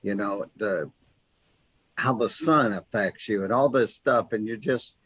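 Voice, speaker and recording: A man hosting an interview, chatting casually and telling stories with lively restarts and asides. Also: fairly low pitch, measured pace, slightly rough, no echo, rough recording. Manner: animated storyteller, self-interrupting restarts. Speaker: host.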